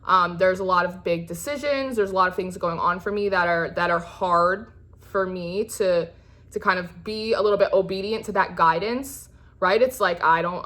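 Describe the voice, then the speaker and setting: A woman's voice: fairly low pitch, moderate pace, a bit bright. A young woman giving a casual, reassuring tarot reading, chatty and rambling, with many fillers and restarts. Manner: reassuring and encouraging. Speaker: tarot reader.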